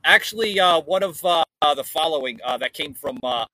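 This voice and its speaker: Husky, bright-voiced man hosting a podcast. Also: on the high side, lively intonation, a little fast, no echo, poor audio. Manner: hesitant, many fillers and restarts. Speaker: podcast host. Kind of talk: casual political podcast chat. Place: outdoor porch in a hot climate.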